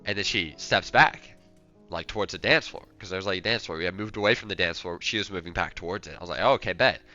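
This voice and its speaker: Young male streamer, rambling storyteller who acts out quotes, a bright edge on a lowish voice. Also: fast talker, dull audio, soft background music. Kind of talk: casual storytelling.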